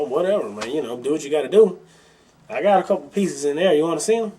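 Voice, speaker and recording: A man with a high-pitched voice rants on his own political podcast, angry and blunt. He swears freely, mocks his opponents, and talks straight at the listener. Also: expressive, quick pace, mellow, slight background noise. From Milwaukee, Wisconsin. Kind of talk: profane political rant.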